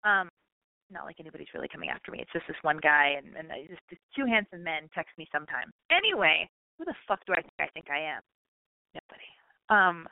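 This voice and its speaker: With a mid-range voice and no echo, an American woman in her thirties hosts a podcast through tinny, phone-like audio. Her slight lisp accompanies a rambling, self-mocking monologue peppered with swearing.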